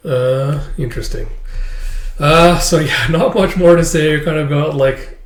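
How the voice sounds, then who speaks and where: A man's voice: fairly high pitch, measured pace, roomy sound. Rambling man reading a comic aloud. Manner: rambling, filler-heavy. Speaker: host. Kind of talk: casual chapter read-along.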